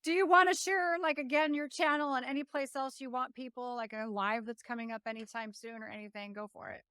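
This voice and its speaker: A woman hosting a casual interview show, inviting her guests to speak. Her voice is high. She talks quietly and softly. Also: fairly even intonation, a little fast, clear, resonant tone, dry recording, studio quality. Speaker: show host.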